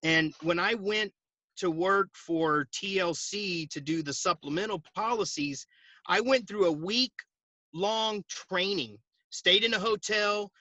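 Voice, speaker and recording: A man in his forties with a high, bright voice, heard close and dry over a video call. He tells his story in an animated way, laughs often and acts out the other people's lines as he goes. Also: unhurried, no echo. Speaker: guest, insurance agency owner. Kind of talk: storytelling interview. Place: at home.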